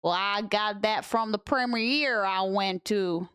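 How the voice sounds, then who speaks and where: A woman's voice: medium pitch, slow, a bit bright, smooth, dry recording. A young woman streamer chatting casually with her viewers and answering chat on a close mic.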